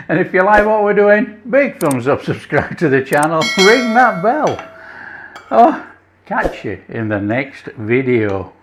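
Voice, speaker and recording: A man's voice: a little high, very animated, a little slow, slight background noise. An Englishman hosting a cooking channel, tasting his food with enthusiastic chuckles and savoring sounds. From England. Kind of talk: casual cooking vlog with tasting.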